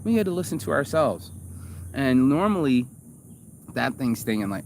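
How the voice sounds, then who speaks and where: A man's voice: medium pitch, big pitch swings, moderate pace, gravelly, pauses often, a little hiss or hum. A man hosting a casual monologue, reacting to a video. He rambles, swears freely and stumbles over fillers and restarts.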